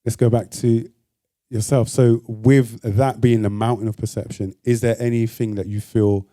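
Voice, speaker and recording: A man's voice: medium pitch, level tone, moderate pace, warm tone. A man hosting a sit-down interview, attentive and asking open questions. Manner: attentive, frequent short affirmations. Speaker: interviewer host. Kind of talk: conversational interview.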